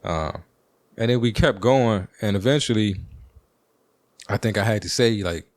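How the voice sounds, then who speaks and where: Dc guy with a deep voice rambling on his podcast, lots of slang, dry close sound. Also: measured pace, no room sound. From Washington, D.C. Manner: rambling, with slang and frequent fillers. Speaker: podcast host. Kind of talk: casual storytelling monologue.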